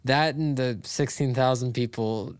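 A man co-hosting a podcast in casual chat, rambling and animated, laughing often. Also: medium pitch, measured pace, smooth, no echo. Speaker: podcast co-host.

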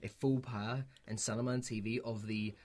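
A man's voice: fairly low pitch, flat delivery, fairly quick, darkish tone. A man hosting a podcast, chatting casually about films, swearing and laughing often. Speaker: podcast host. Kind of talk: casual film chat.

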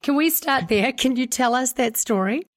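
A woman's voice: sits high, lively intonation, normal speed. A woman hosting a podcast, upbeat and earnest, reading her intro and then interviewing a guest. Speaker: podcast host. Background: music.

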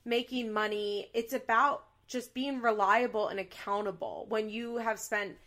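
A woman co-hosting a podcast, recapping a reality show in candid, animated casual chat and swearing freely. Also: on the high side, unhurried. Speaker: podcast co-host.

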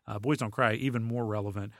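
A man's voice: lowish voice, fast, no room sound, studio quality. A man hosting a podcast, talking casually with many fillers and restarts. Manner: relaxed, rambling, frequent fillers and restarts. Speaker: podcast host. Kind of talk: casual solo podcast talk.

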